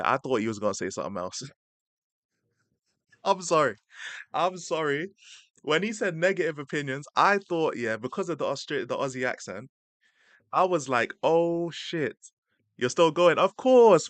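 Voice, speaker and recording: A man giving casual, slangy live-stream commentary, laughing often and breaking into excited asides. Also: mid-range voice, dry recording. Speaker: streamer reacting to a debate.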